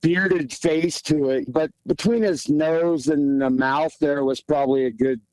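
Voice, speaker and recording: A man in his forties from the Pacific Northwest answers interview questions in a plain, repetitive way, leaning on fillers. His voice is mellow and warm. The sound is dry and close, with no room echo. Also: fairly high pitch, fairly even intonation, measured pace. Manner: plainspoken, repeats himself, many fillers. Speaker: guest, hunter describing a sighting.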